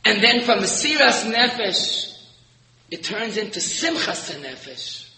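Emphatic high-voiced preacher in an echoing hall. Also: male voice, big pitch swings, measured pace. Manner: storytelling with rising emphatic peaks and sudden hushed drops. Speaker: rabbi giving a Torah talk. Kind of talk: sermon. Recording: echoey hall, long reverb.

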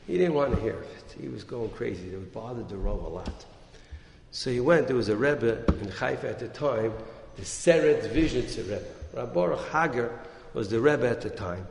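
With a mid-range voice and vocal fry, a rabbi speaks at a moderate pace during a Torah talk, animatedly telling a story and performing the quotes with a rising and falling voice. Faint noise and hall echo color the recording.

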